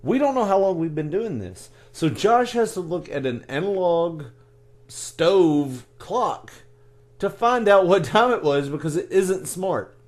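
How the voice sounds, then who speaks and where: Joking podcast co-host, fairly high voice, lots of bounce, laughs often, from the US. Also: male voice, animated. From United States. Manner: jokey, laughs often, quick asides. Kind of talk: casual chat.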